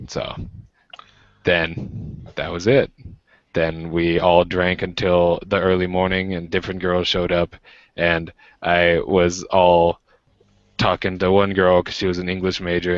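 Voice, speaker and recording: A man's voice: no echo, dull audio. A young American man casually telling a story on a live-streamed chat show, acting out what people said with sudden jumps in his voice. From United States. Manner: animated, acts out quoted voices with pitch jumps. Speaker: podcast co-host.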